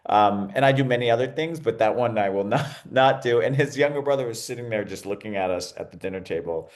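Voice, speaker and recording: A man's voice: medium pitch, quick pace. A man hosting a podcast in casual chat, telling stories candidly and animatedly, with the odd swear. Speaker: podcast host.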